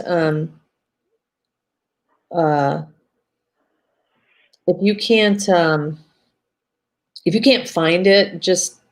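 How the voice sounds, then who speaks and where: A woman hosting a casual live video chat as a hypnotherapist, talking in a rambling, chatty way with many restarts. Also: low voice. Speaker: host and hypnotherapist.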